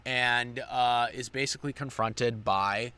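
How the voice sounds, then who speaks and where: Man, casual episode recap, bright voice, lots of ums and restarts. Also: mid-range voice, steady tone, unhurried, clean tone. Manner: rambling, many fillers and restarts. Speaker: anime reviewer.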